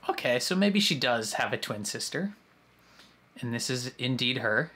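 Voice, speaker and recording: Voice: medium pitch, normal speed, slightly rough. A host reacting to a movie in casual commentary, chatting and speculating about the plot as it plays. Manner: lively, chatty running reactions to a film. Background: film soundtrack playing faintly.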